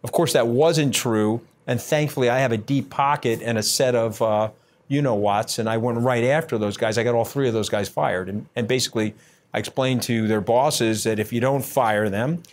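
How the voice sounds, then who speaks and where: A man answering interview questions bluntly and combatively, brash and scathing, talking in quick bursts with many fillers. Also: medium pitch. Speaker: interview guest.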